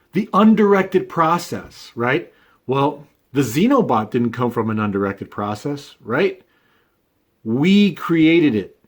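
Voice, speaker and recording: A man hosting his own video, talking through an argument in a casual unscripted monologue full of fillers and asides. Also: mid-range voice. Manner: conversational, many fillers and "right?" tags. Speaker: video essay host.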